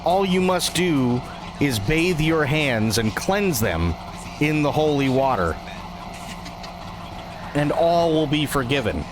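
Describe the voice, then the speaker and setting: A man's voice: a little high, expressive, slow, pauses often, noisy background. A man doing a solemn old heavenly gatekeeper. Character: solemn elderly male gatekeeper saint. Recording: clear game music behind.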